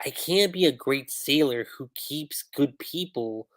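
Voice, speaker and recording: Earnest young recruit, set on training harder, slow and lively, read by a man. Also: medium pitch, natural voice. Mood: determined.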